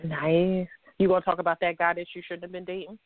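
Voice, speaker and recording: A woman with a New York accent hosting a casual interview, playful and teasing, telling stories with lively asides. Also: fairly low pitch, fast talker, dry recording. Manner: playful, teasing, animated storyteller. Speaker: podcast host. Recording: dry, phone-like line.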